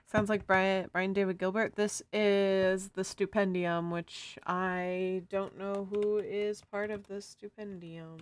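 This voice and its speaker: A woman streaming live, chatting at an easy, unhurried pace. She rambles playfully, jumping between thoughts and jokes, often breaking into bits of song. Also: mid-range voice, steady tone, smooth. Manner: rambling and playful, singing snatches of songs. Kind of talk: casual chat.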